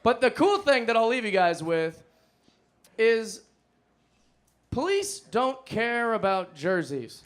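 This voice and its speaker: A man telling a stand-up story on stage, excitable and laughing through his lines. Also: very high-pitched, slow pace, long pauses. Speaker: stand-up comedian. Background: audience laughter.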